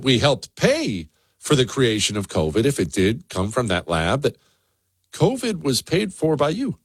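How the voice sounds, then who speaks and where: A man's voice: on the high side, slightly rough, dry recording. A man hosting a talk radio show, delivering an opinionated, emphatic rant. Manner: ranting, emphatic. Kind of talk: opinionated monologue.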